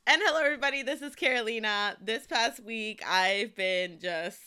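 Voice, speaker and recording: A woman's voice: fairly high pitch, normal speed, sharp tone, clean tone. A young woman hosting a podcast in casual, slangy, gossipy chat with frequent laughter. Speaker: podcast host.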